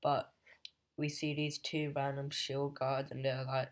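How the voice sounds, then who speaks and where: Male comic reviewer, unhurried and level, loose rambling recap full of fillers. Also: mid-range voice, completely flat delivery. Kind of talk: casual plot recap.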